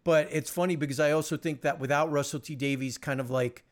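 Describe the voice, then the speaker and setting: Rambling, animated podcast host man. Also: fairly high pitch, fast talker. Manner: animated, rambling with many fillers and restarts. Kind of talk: casual chat.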